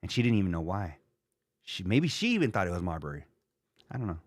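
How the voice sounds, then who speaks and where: A man's voice: deep voice, sing-song, fast, dry recording, clean studio sound. Rambling, jokey man hosting a live stream. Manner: loose, rambling, jokey, lots of fillers. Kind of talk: casual reaction chat.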